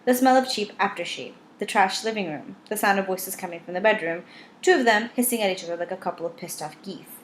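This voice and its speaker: A woman's voice: mid-range voice, quick pace, a little hiss or hum. A woman reading a novel aloud in first person, with a wry, dry delivery. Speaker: audiobook reader.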